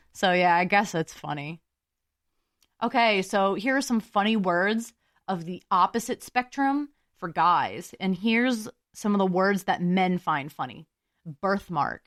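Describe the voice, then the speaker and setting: A woman's voice: medium pitch, expressive, a little slow, no echo, clean studio sound. A young woman hosting a solo podcast, musing aloud in a chatty, giggly way. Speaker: podcast host.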